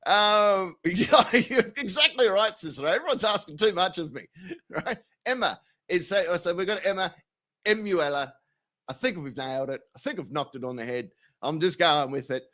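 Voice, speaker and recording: A man's voice: high-pitched, animated, normal speed, bright, forceful tone. An Australian man hosting a live stream, casually chatting with viewers, swearing freely and laughing often. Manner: profane, laughing, joking with chat. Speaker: livestream host. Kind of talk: casual live chat reading comments.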